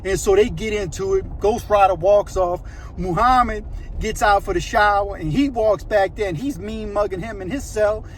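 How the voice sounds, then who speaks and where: A man's voice: high-pitched, steady tone, normal speed, slight background noise. A man telling a story in a casual, slangy, conversational way, with frequent asides to the listener.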